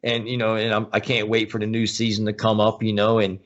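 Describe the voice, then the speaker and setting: A man hosting a casual podcast chat, friendly and halting with restarts. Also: on the low side, monotone, muffled recording.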